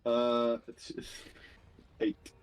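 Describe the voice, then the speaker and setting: A man chats at a tabletop game at a middle pitch. He speaks haltingly, restarting his sentences and filling gaps with fillers. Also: wildly swooping pitch, slight background noise. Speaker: player. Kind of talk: casual tabletop play.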